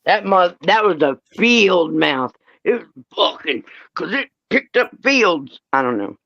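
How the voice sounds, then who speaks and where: Woman co-host, blunt and profane, animated pitch, dull lo-fi mic. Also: unhurried, vocal fry, dry recording. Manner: blunt, profane, laid-back storytelling. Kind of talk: casual chat.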